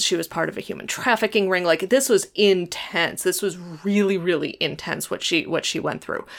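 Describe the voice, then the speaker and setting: Gushing, animated woman podcast co-host. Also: on the low side. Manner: gushing, animated, laughs often. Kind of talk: casual book chat.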